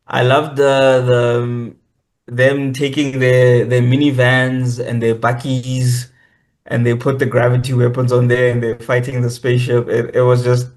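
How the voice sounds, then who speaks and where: A man, co-hosting a podcast in casual, amused and rambling chat. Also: mid-range voice. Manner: rambling and amused, searching for words. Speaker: podcast co-host.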